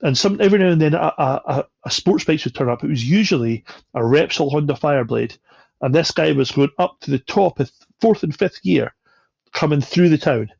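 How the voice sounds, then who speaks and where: A man's voice: a little high, animated, a little fast, vocal fry, a little mellow, husky, dry recording. A man on a podcast, telling a travel anecdote with swearing and laughter. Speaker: podcast guest. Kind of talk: casual storytelling. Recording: dull, lo-fi sound.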